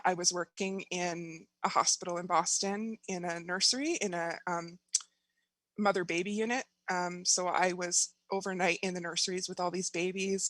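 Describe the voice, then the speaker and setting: A woman guest telling a personal story in casual conversation, animated and laughing often as she acts out her own thoughts. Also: fairly low pitch, dry recording.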